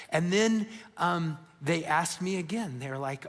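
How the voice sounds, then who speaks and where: A man's voice: a little high, animated, measured pace, hardly any pauses, a bit bright. A middle-aged man preaching a sermon, telling a personal story in an earnest way that swells with feeling. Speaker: pastor. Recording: long hall reverb.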